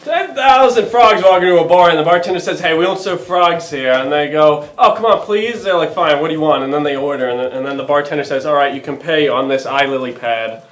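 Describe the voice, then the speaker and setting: A man performing improv comedy, upbeat and jokey, tossing off quick character lines. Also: on the high side. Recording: echoey room.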